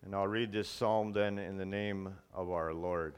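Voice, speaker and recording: A man's voice: low voice, fairly even intonation, a little slow, clean tone. A man pastor preaching a sermon in church, reading scripture and then speaking earnestly to the young people being confirmed, often asking them questions.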